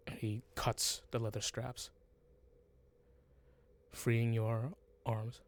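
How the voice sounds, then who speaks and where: A man running a tabletop game as game master, narrating in a halting, hesitant way. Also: medium pitch, level tone.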